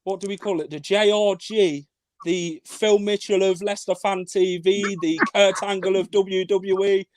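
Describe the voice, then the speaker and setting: A man's voice: sits high, fairly even intonation, normal speed, a little hiss or hum. An English man co-hosting a live fan stream, joking and reading out viewer comments. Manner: jokey, laughing, reads comments aloud. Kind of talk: casual live-stream banter.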